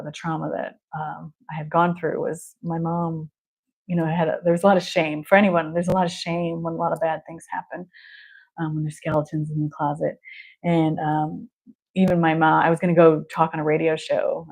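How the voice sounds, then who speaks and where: Chatty woman therapist, low voice. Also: darkish tone. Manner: open and chatty, laughs often mid-sentence. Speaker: therapist and podcast host. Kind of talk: candid personal storytelling podcast.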